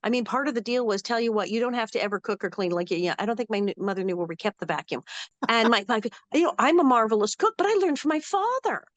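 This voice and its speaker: An older actress in an animated interview, telling lively anecdotes and acting out quick quotes. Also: female voice, fairly high pitch, no room sound.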